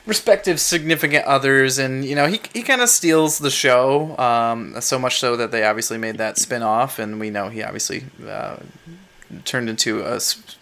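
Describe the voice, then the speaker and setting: Easygoing bright-voiced male co-host. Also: mid-range voice. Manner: easygoing, laughs often, hesitant restarts. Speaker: podcast co-host. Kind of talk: casual chat.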